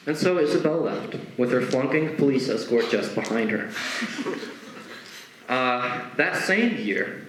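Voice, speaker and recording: A man's voice: medium pitch, expressive, slow, reverberant, a crowd in the background, poor audio. A young man from Connecticut performing musical stand-up, telling a story and acting out its characters on a stage before an audience. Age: young adult. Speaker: comedian.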